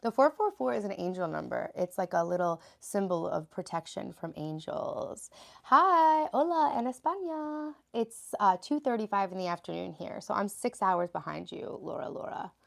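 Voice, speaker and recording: A woman's voice: on the low side, moderate pace, vocal fry, hardly any pauses, darkish tone. A middle-aged woman livestreaming from home, chatting casually and answering viewer comments as she goes. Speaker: livestreaming vlogger mom. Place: at home, cluttered room.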